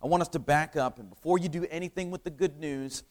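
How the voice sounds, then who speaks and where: Animated man preaching a sermon. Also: on the high side, fast talker, low-quality recording. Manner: call-and-response with the congregation; animated storytelling, asks rhetorical questions.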